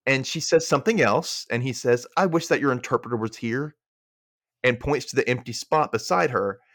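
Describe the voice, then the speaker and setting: Animated man retelling a sitcom. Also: medium pitch, normal speed, no room sound, clean studio sound. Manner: animated retelling, acting out lines. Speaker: podcast co-host. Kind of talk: recapping a sitcom episode.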